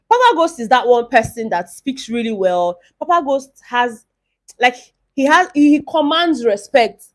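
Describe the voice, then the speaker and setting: A woman's voice: high-pitched, sing-song, fairly quick. A young woman, chatting casually in a vlog as she recaps a reality show, rambling and retelling scenes.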